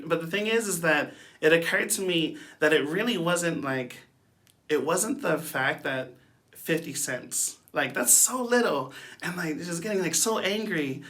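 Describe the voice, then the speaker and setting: A man's voice: on the high side, measured pace, pushed and bright. A young man giving a casual youth talk, telling a story in a chatty way, with lots of fillers and asides and frequent laughs. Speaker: youth speaker.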